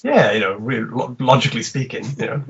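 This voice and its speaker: A man chatting on a podcast, enthusiastic and halting, often repeating his words. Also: mid-range voice, vocal fry, fairly bright tone, husky, lo-fi sound. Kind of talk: casual podcast chat.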